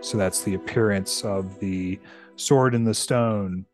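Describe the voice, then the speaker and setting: A man's voice: lowish voice, takes it slowly, soft background music. A male podcast host from the United States, casually retelling and discussing a book in a chatty, rambling way. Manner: chatty, rambling, lots of restarts.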